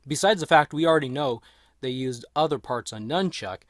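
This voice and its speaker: A man with a voice of middling pitch talks casually through a toy unboxing, chatty and relaxed as he handles the figure. His voice sounds close and dry, with no room echo. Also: fairly quick. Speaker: toy reviewer.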